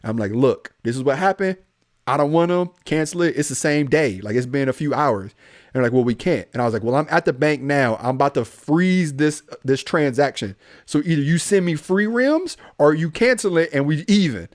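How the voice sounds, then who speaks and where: A man's voice: fairly high pitch, lively intonation, moderate pace. A young adult man, a police officer, telling a story in a casual podcast chat and acting out both sides of each exchange.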